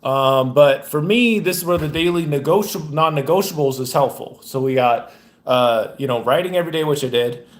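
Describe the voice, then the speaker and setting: Filming one-handed on his phone, a young faith vlogger talks a little fast in a fairly high-pitched voice. He chats casually and rambles loosely while preparing food in his home kitchen.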